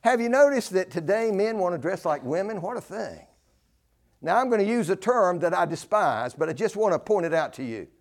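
This older preacher's voice is high-pitched and sing-song, and he talks a little fast. His sermon is emphatic, full of repeated key phrases, shifting from loud declarations to hushed asides.

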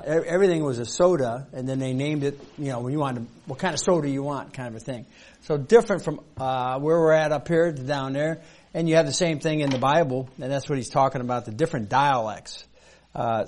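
A middle-aged man teaching a Bible study class, reading verses aloud and explaining them in a halting, unpolished way. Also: medium pitch. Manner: halting, many fillers and restarts, reads verses aloud.

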